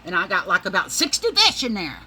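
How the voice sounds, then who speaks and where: A middle-aged woman with a bright, sharp voice rambles through a story while she does her makeup. She talks casually and swears freely, in a loose, animated manner. Her pitch sits in an ordinary middle range. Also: fairly quick, slight background noise, rough recording. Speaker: makeup vlogger.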